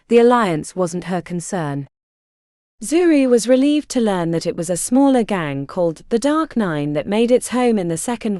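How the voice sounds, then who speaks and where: A woman narrating a fantasy audiobook in a measured, expressive storytelling manner, close to the mic. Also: medium pitch, no room sound. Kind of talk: scripted narration.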